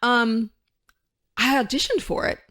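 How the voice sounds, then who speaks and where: A woman in her fifties from the United States, a guest in a casual interview. She tells stories in an animated way, laughs often and throws in exclamations. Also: on the high side, measured pace. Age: 50s.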